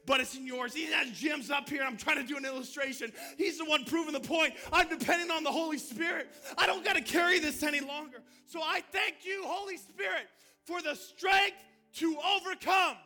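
A man's voice: very high-pitched, gravelly, sharp tone. A man preaching a fiery sermon in a church. He repeats his calls again and again and rouses the congregation. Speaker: pastor. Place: church sanctuary.

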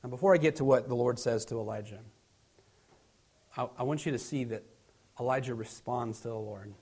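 Reading scripture slowly and declaimingly, a male pastor with a medium-pitched, breathy-edged voice preaches his sermon. He swings from loud emphasis to hushed, almost whispered moments.

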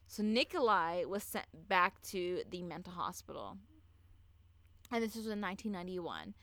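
A woman hosting a podcast, telling a true-crime story in casual chat, animated and swearing freely as she acts out what people said. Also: on the low side, moderate pace. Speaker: podcast host.

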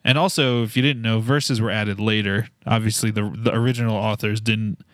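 A man co-hosting a casual Bible discussion podcast, presenting fun facts in a relaxed, explanatory way. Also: lowish voice, brisk, no echo, clean studio sound. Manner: relaxed, explanatory, a few filler restarts.

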